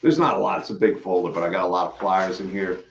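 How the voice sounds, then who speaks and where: A man's voice: sits low, fast, creaky. A man hosting a live stream, chatting casually and rambling with lots of fillers and restarts, a bit out of breath. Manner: rambling, repeats himself, many fillers. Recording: slightly dull, lo-fi stream audio.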